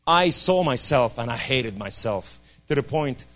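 A man giving an impassioned testimony sermon, swinging between loud cries and hushed, low speech. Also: lively intonation, measured pace, faint music behind.

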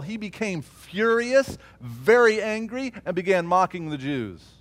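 A man preaching a sermon, swinging from loud emphatic peaks to low murmured asides.

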